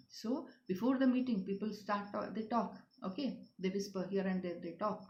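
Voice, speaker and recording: A woman's voice: mid-range voice, moderate pace, few pauses, darkish tone. A woman teaching schoolchildren, explaining a story, repeating herself and asking them questions. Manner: repetitive, questioning, often asks "children". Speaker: English teacher. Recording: roomy, dull lo-fi sound.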